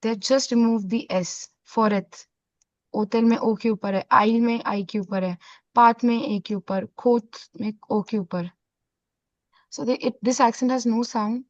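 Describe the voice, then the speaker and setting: A woman's voice: on the high side, fairly even intonation, fast talker, dry recording. A woman teaching a French lesson, explaining step by step and mixing Hindi with English. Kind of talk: online class lesson. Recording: dull, dry, lo-fi audio.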